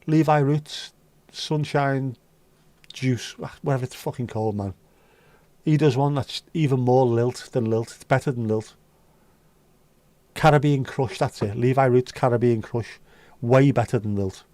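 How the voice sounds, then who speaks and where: A man's voice: medium pitch, a little slow, darkish tone, no echo. Sweary man chatting on stream. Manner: rambling, sweary and wry. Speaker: livestream host. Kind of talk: casual chat reading viewer comments.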